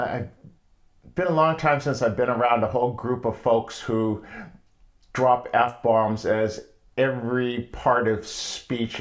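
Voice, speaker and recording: A middle-aged man hosting his own show, telling a story in a wry, casual monologue with frequent pauses. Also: mid-range voice. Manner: wry, storytelling, pausing often. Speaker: host.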